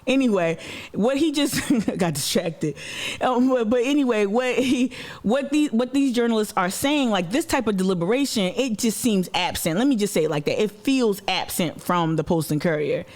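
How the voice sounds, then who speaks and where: A man's voice: high-pitched, animated, normal speed. A man with a Southern US accent giving blunt, casual commentary as an activist host, cursing and mocking others' voices. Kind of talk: casual commentary on a played clip.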